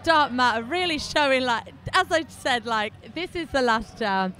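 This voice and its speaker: Chatty high-voiced woman announcer. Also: expressive, a little slow, pushed and bright, soft background music. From England. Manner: chatty, giggly, self-mocking. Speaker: roller derby announcer. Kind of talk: live sports commentary.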